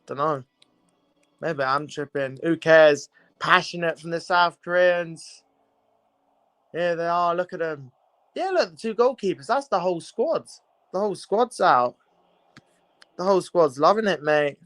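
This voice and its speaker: A young man hosts a live football watchalong, chatting casually, greeting viewers and repeating himself. His voice sits on the high side and is a bit bright, unhurried with long pauses. There's no room sound.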